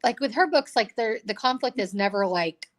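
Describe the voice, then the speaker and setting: A woman's voice: fairly high pitch, lively intonation, moderate pace. A woman in her thirties co-hosting a casual book chat, rambling with many fillers and restarts. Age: 30s. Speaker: co-host.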